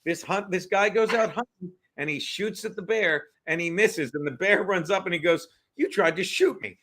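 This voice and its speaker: Man, podcast co-host, casual political chat, profane, rambling, combative, sharp tone. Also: high-pitched, normal speed.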